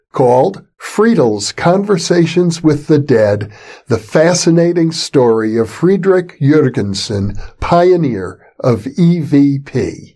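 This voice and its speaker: An older man hosting an interview, introducing his guest in a calm, deliberate way. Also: a little high. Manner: measured, deliberate delivery. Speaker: interview host.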